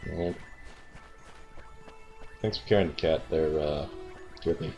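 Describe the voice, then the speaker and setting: A man's voice: extremely low pitch, measured pace, darkish tone, faint music behind. A man giving wry, sarcastic commentary while playing through a game as a let's play host. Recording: dull lo-fi recording.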